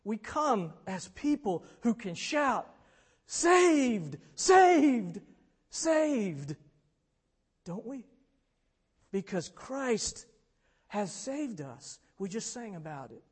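A man preaching, a dramatic storyteller who swings from hushed to loud. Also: high-pitched, big pitch swings, slow pace, husky. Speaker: pastor. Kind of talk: sermon storytelling. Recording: long reverb in a hall.

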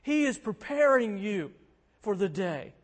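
High-pitched male pastor, earnest chatty sermon, lots of repeating for emphasis, echoey church. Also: very animated, measured pace. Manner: earnest, conversational preaching with emphatic repetition. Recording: long hall reverb.

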